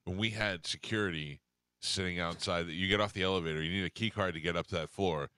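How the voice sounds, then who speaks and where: A man's voice: sits low, fairly even intonation, sharp tone, smooth, no echo. A man hosting a morning radio show, telling loose stories in casual chat. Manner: loose storytelling, quick asides.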